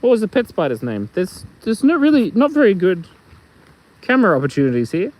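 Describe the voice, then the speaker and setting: Streaming live from the bush on his phone, a middle-aged man with an Australian accent chats playfully, rambles, tells jokes and reads out the chat. His high voice swings hugely in pitch, with a brisk pace and a darkish tone, and the audio is low quality.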